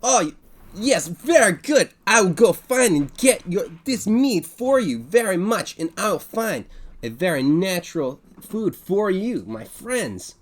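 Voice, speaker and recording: Man doing a high, fawning bartender. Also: big pitch swings, a little slow, full character voice. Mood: eager. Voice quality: high, overly polite, odd phrasing. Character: eager, fawning male tavern bartender.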